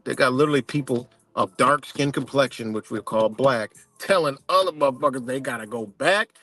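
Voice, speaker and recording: A man's voice: medium pitch, fairly quick, a bit bright, faint music behind. A man hosting a livestream, ranting casually in a profane, rambling way with many restarts. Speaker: livestream host.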